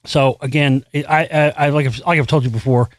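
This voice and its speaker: A man's voice: mid-range voice, fairly even intonation, fairly quick, no echo. A man hosting a solo commentary show, reading a news article aloud and breaking into profane, frustrated rants full of restarts. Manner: reads news text aloud, then comments. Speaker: host.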